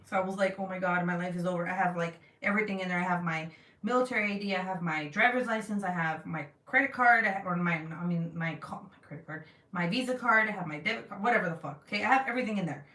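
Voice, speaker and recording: A woman's voice: fairly low pitch, fast talker. Chatty woman, roomy and far from mic. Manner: animated, laughs often, swears casually. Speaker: vlogger reading live chat. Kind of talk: casual storytelling livestream. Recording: roomy sound, mic set back.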